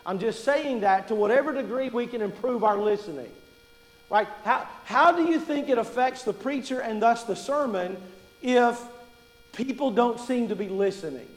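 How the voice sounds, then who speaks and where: A man preaching a sermon to his congregation, conversational and full of questions, slowing down to stress his key points. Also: very high-pitched, reverberant, in a large hall, rough recording. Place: church.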